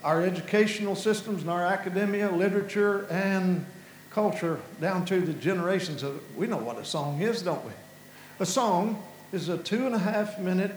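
A man's voice: high voice, moderate pace, reverberant, slight background noise, low-quality recording. A man from Kentucky with an Appalachian accent, giving an impassioned sermon-style talk, repeating words and restarting as his voice rises with feeling. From Kentucky, USA.

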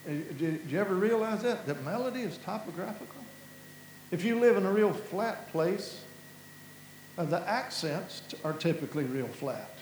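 A man's voice: high voice, echoey room, a little hiss or hum, rough recording. A man from Kentucky with an Appalachian accent, giving an impassioned sermon-style talk, repeating words and restarting as his voice rises with feeling. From Kentucky, USA.

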